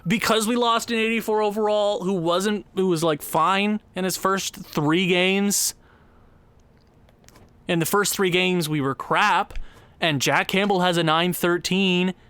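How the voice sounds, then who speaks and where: A young man commenting on his own gameplay, sighing and exasperated, his voice jumping high when frustrated. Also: fairly even intonation, unhurried, fairly bright tone, clear, resonant tone, no echo. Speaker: gaming YouTuber.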